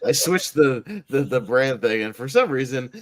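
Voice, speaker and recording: A man hosting a casual live-stream panel chat, rambling and filling pauses with "uh". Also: mid-range voice, big pitch swings. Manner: rambling, heavy with "uh" fillers. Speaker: host.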